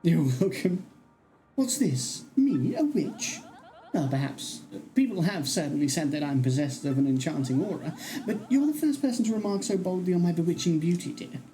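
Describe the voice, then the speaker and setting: A man voicing a flirtatious, theatrical witch passenger who flatters in a purring way. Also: a little high, normal speed, pitched above the performer's own voice, lightly acted, rough recording.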